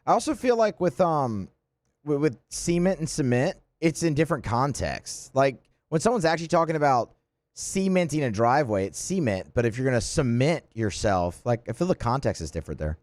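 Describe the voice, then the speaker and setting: A man chiming in as a sports radio producer, lively and conversational. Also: mid-range voice, a little fast, dry recording. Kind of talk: casual sports radio talk.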